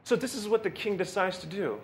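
A young man preaching a casual, conversational sermon, animated and often asking his listeners questions. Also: high voice, a little fast, a little hiss or hum. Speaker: pastor.

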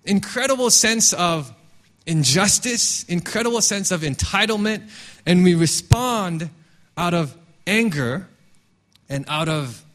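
A man's voice: high voice, unhurried. A man preaching a sermon as a pastor, talking candidly and telling stories with restarts. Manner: animated, candid storytelling with frequent restarts.

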